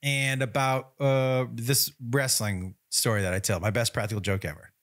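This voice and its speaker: A man co-hosting a podcast in a studio, telling a story in a casual, animated way and laughing often. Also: medium pitch, moderate pace. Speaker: podcast co-host, comedian.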